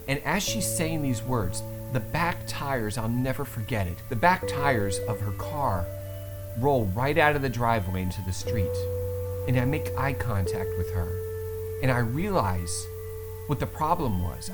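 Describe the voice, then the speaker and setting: A middle-aged man telling a story to camera, expressive and swinging between low asides and loud exclaims. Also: rough recording. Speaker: Catholic vlogger.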